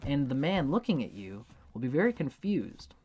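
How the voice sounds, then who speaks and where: A man's voice: mid-range voice, sing-song, moderate pace, warm tone, slightly rough. Conversational man explaining astrology. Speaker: astrology teacher. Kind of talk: casual spoken book review.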